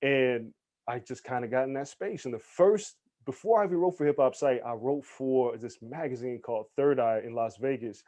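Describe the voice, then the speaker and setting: An animated man tells stories as a podcast guest, with plenty of casual swearing. His voice sits at a middling pitch, and he leans into the people he quotes. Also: moderate pace. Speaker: guest, hip hop journalist. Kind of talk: casual storytelling in an interview.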